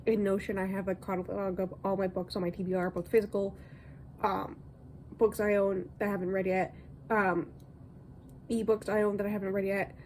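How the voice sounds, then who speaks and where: A woman's voice: medium pitch, fairly quick, a little hiss or hum, rough recording. A young woman chatting casually to camera about what she watched and read this week, rambling with lots of ums and laughs. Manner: animated, jumps between topics. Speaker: reading vlogger.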